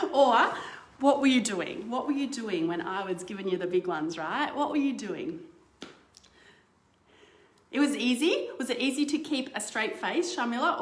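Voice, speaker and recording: A woman's voice: mid-range voice, fairly bright tone, roomy sound. A woman presenting a live online workshop over a video call, chatty and playful, laughing often.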